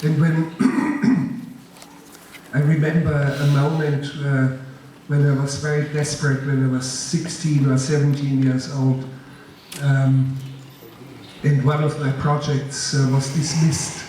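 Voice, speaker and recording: A man with a German accent giving a master class, telling his story in a slow, deliberate, grave way and answering audience questions. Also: medium pitch, flat delivery, dark tone. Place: large lecture hall. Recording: echoey hall, distant mic, faint noise.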